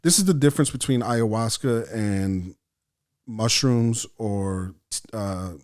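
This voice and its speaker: Man, from El Salvador, podcast guest, low-pitched, cursing, animated storytelling. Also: slow. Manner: profane, animated storyteller acting out his own thoughts. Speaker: podcast guest, actor and writer. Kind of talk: casual storytelling chat.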